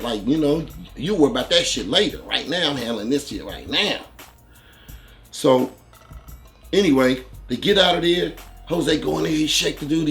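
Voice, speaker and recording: A man telling a story in a casual monologue as host, profane and animated, punching out sound words for the blows. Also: medium pitch. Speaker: host recounting prison stories.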